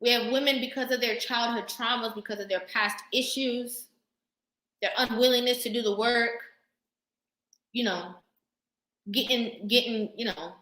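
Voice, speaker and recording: A woman vlogger talking casually to camera, sassy and animated, laughing often. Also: a little high, reverberant.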